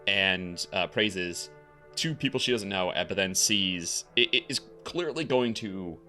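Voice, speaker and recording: A man's voice: deep voice, lively intonation, unhurried, bright, forceful tone, faint music behind. A man narrating as game master, rambling with many fillers.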